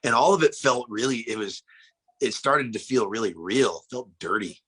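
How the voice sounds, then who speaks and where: A man speaks in an interview, earnest and reflective, circling back and restarting as he thinks aloud. His voice sits at an ordinary middle pitch for a man. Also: normal speed, a bit bright, husky. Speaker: actor in the film. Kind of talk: casual interview talk.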